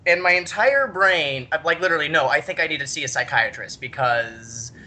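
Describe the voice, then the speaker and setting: A young man hosting a podcast, telling a rambling story in an excitable, giggly way. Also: a little high, fairly quick. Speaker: podcast host. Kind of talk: casual storytelling chat.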